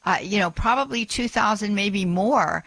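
Woman radio host, bright crisp tone, dry studio mic, rambling friendly delivery. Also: mid-range voice, normal speed, dry recording, rough recording. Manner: chatty, many fillers and restarts. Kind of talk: radio talk show.

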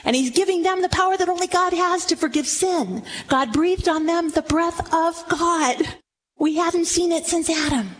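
A woman's voice: extremely high pitch, normal speed. A woman in her sixties giving a Bible teaching talk. She is emphatic, reads scripture aloud dramatically and asks the audience direct questions. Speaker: religious teacher.

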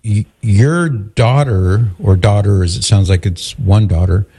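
A man hosting a call-in radio show, calmly steering and summarizing a caller's story. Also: lowish voice, husky. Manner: calm, measured, steering the caller. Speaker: radio host.

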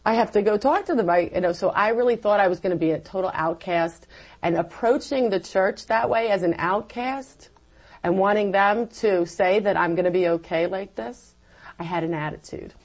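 A woman giving a personal faith testimony as an interview guest, telling her story in an animated way and acting out her own past words. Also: lowish voice, slightly rough, rough recording.

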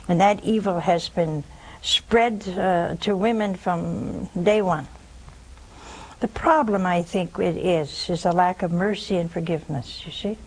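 A woman's voice: on the low side, gravelly, darkish tone, low-quality recording. A woman hosting a religious call-in show, preaching with emphasis, repeating her points and adding scornful asides. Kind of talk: religious preaching and answering callers.

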